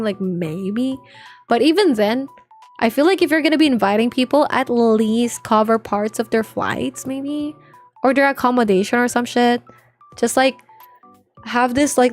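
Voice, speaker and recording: A young woman streaming live, chatting casually and rambling with viewers, full of filler words and slang. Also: fairly high pitch. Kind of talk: casual livestream chat with viewers.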